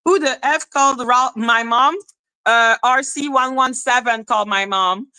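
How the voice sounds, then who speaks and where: A woman's voice: fairly high pitch, measured pace, pushed and bright, clear, resonant tone, no echo, poor audio. A woman live-streaming a heated, profane rant, scornful and mocking. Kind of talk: heated ranting commentary.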